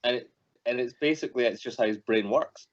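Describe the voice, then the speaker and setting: A man's voice: medium pitch, quick pace. A man from Scotland co-hosting a casual livestream, a giggly storyteller who laughs through his anecdotes. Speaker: co-host. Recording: slightly dull lo-fi stream audio.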